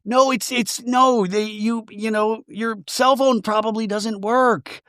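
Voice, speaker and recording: Man impersonating a flustered, stammering reality-star woman; high, dry. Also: fairly even intonation, slow, a bit bright, smooth, no room sound.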